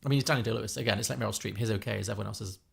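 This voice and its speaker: Fast-talking gravelly British man. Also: on the low side, steady tone. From Britain. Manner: chatty, opinionated, many restarts. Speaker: podcast co-host. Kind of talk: casual film review chat.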